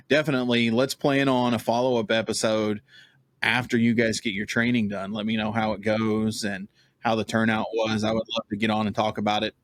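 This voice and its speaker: A man in his thirties with a fairly low voice hosts a casual podcast chat. He tells stories in an easygoing, talkative way and laughs along. The sound is dry and close, with no room echo. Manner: chatty, storytelling, laughs often. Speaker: podcast host.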